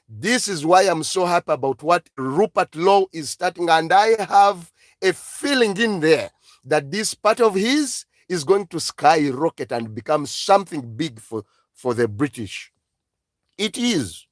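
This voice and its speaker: Impassioned African-accented man, high voice. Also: expressive, a little slow, dry recording, studio quality. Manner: emphatic, repetitive exhortations. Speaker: online channel host. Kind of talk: impassioned live-stream monologue.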